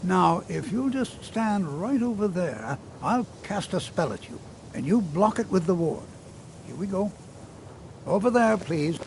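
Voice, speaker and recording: A kindly old wizard teacher. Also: male voice, high voice, animated, a little slow, gravelly, slight background noise, exaggerated voice. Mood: lecturing. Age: older. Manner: gentle, fussy, lecturing. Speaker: magic instructor. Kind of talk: video game voice acting.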